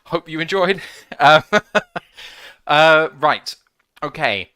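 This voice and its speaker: A man's voice: a little high, lively intonation, very slow, pushed and bright, smooth, no room sound, clean studio sound. A man co-hosting a casual fan show in an easygoing, jokey way, reading out the live chat.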